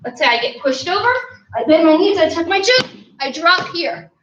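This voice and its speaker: A woman's voice: very high-pitched, lively intonation, normal speed, noisy background. A woman teaching an online martial arts class, giving upbeat coaching and counting reps aloud. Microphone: camera mic from a distance. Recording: roomy, distant, dull lo-fi sound.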